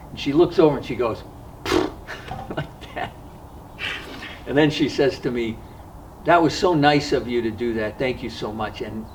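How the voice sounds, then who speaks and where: A man vlogging about fishing, telling a personal story in an earnest, reflective way and pausing often to regather his thoughts. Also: medium pitch, far from the mic, a little hiss or hum, poor audio.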